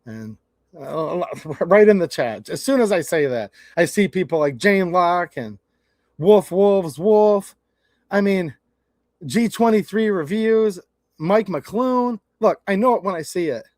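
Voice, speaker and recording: A man's voice: high voice, animated, slow, darkish tone, no echo, studio quality. A man hosting his own channel, talking bluntly and casually in a folksy way as he gives his opinions to camera. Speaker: channel host.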